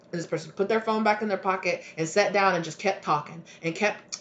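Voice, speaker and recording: A woman gives a tarot reading in a relaxed, chatty way, telling it as a story. She acts out each person in it with lively swings in her voice. The audio sounds a little dull and lo-fi. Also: medium pitch, a little fast, hardly any pauses. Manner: animated storytelling, acting out voices of people in her stories. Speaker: tarot reader. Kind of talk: casual tarot reading monologue.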